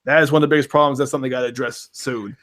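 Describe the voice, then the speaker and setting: A man's voice: mid-range voice, fairly even intonation, rapid-fire, a bit bright. A man hosting a casual gaming podcast, rambling and reading viewer questions from the chat aloud. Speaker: podcast host.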